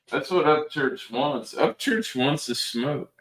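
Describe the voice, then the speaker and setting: A man in casual chat, talking in a slangy, drawn-out way. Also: a little high, sing-song, a bit bright.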